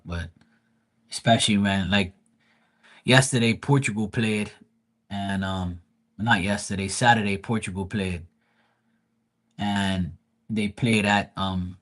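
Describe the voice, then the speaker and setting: Low-voiced man rambling through grief. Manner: rambling, profane, restarts often. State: grieving. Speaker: tarot reader streamer. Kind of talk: casual livestream talk.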